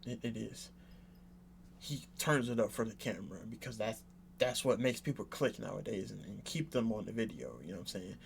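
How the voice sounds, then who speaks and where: A young man with a low, gravelly voice talks loosely over a video he is reacting to. He rambles and circles back, fills gaps with "uh" and keeps checking in with the listener. A faint hum of ambient noise sits behind him. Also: brisk. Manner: rambling, many fillers and "you know what I'm saying". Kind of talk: casual reaction commentary.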